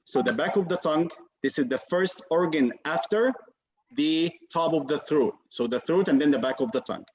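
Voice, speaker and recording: Patient male teacher, slightly high voice, muffled video call sound. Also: normal speed. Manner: patient, encouraging, demonstrates sounds. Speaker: Quran recitation teacher. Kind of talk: online class teaching.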